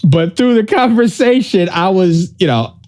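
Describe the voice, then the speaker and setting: A man's voice: high voice, lively intonation, measured pace, darkish tone. A man hosting a podcast, talking through a casual solo monologue in a rambling, reflective way, often checking in with "right?". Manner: informal, says "yo" and "right?". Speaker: podcast host.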